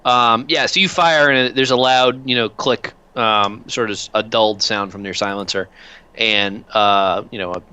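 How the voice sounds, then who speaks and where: A man narrating a tabletop game as game master, relaxed and full of filler sounds. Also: fairly low pitch, moderate pace, clean tone, muffled recording.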